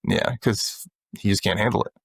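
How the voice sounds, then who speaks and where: A man's voice: normal speed, dry recording, clean studio sound. A man hosting a podcast, recapping a TV episode in casual chat and acting out the characters' lines. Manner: animated retelling, acts out characters' lines. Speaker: podcast host.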